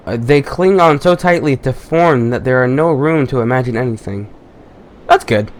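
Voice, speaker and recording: Man stumbling through a visual novel reading. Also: mid-range voice. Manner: reads haltingly, stumbles and restarts on words. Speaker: gaming YouTuber.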